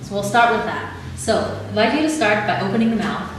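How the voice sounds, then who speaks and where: A woman leading a live audience through body exercises in a calm, instructive way, laughing easily. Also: medium pitch, brisk. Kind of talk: live talk with guided exercises. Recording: echoey hall, mic at a distance, audible background noise.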